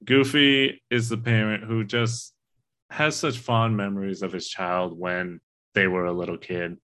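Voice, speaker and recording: Bright-voiced man in casual chat. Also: lowish voice, steady tone, a little slow. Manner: earnest, rambling, swears casually. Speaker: podcast co-host. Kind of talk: casual movie discussion.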